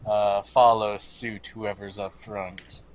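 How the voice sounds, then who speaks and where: A man's voice: fairly low pitch, level tone, takes it slowly, slight background noise. A man playing in a tabletop game, describing his character in a laid-back way. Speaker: player.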